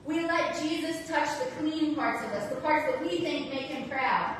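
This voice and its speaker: A woman with a voice that sits high preaches a sermon in a church sanctuary at a moderate pace. She's chatty and conversational, acting out the quoted lines of the people she describes. The recording is echoey, her voice coming from far off, with a little hiss or hum.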